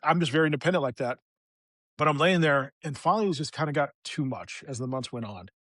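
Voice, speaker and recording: A man's voice: fairly high pitch, lively intonation, fast, a bit bright, no room sound. A middle-aged man, a veteran guest on a podcast, candidly recounting a hard personal story, raw and emotional, swearing freely.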